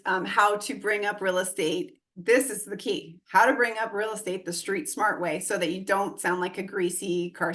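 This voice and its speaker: A woman in her forties chatting on an interview podcast, her voice pitched in the middle range. She tells stories with energy and acts out the dialogue of the people in them. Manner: animated, acts out quoted dialogue. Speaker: guest real estate investor and coach. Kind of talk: casual interview storytelling.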